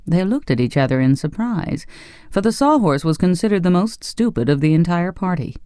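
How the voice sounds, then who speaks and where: An audiobook narrator reading a fantasy tale in an expressive storytelling manner. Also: medium pitch, normal speed, clear, resonant tone, no room sound, clean studio sound. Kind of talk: scripted narration.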